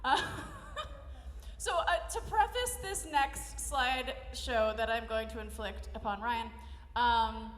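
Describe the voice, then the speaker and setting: A woman's voice: fairly high pitch, slow, a bit bright. A woman hosting a live variety show on a convention stage, bubbly and laughing as she teases the guests. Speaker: show host. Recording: echoey hall with crowd noise.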